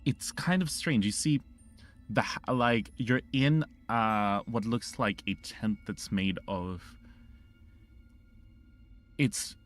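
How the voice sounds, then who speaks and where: A man narrating a tabletop game as game master, rambling and halting with many restarts. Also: lowish voice, soft background music.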